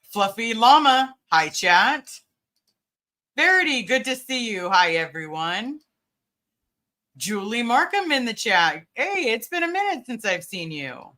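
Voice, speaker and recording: A woman's voice: on the high side, big pitch swings, unhurried, bright, forceful tone. A woman hosting a casual livestream, earnestly greeting viewers by name and reassuring them. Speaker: livestream host.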